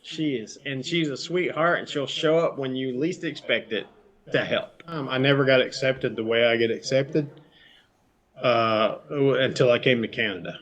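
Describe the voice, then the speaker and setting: A middle-aged man from Georgia with a Southern US accent, chatting as a guest on a remote call, telling animated stories and swearing freely. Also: medium pitch, normal speed. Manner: animated storyteller, swears freely, jumps between topics. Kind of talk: casual chat.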